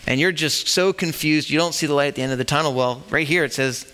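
A man's voice: a little high, fast talker, sharp tone, clean tone. A man preaching a sermon at a church service, talking conversationally and asking the congregation rhetorical questions. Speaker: pastor.

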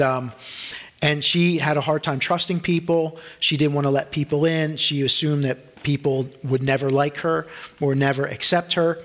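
In a fairly high, fairly bright voice, a middle-aged male pastor preaches a sermon built around personal stories. He acts out the voices of the people in them as he tells each one.

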